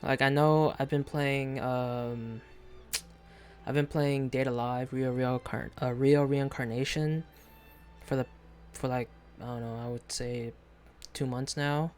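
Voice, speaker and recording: A man's voice: medium pitch, fairly even intonation, slow, a little mellow. A man streaming a video game live, chatting casually in a rambling, hesitant way with lots of fillers and restarts.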